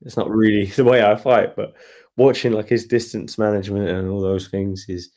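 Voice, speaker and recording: Relaxed man, low voice. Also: moderate pace. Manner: relaxed, rambling, laughs while telling stories. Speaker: guest fighter. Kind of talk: casual interview chat.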